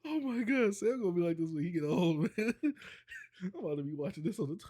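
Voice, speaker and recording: A man chatting on a home stream, laughing almost nonstop as he reacts in loose, slangy banter. His voice sits a touch high for a man and swings widely in pitch. It sounds relaxed and playful. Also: a little fast, no echo, studio quality. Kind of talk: casual reaction chat.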